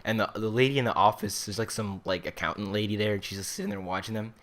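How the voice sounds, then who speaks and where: A man's voice: fairly low pitch, fairly even intonation, fast talker, a bit bright. A young man in his late teens telling a story in a casual, rambling way, with lots of fillers. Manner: rambling, filler-heavy "like" delivery. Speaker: vlogger.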